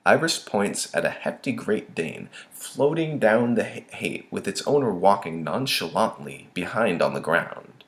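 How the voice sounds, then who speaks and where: Brief: young male author reading his short story, low-pitched, lively and expressive. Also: unhurried, few pauses. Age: young adult. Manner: expressive, dramatic swings in tone.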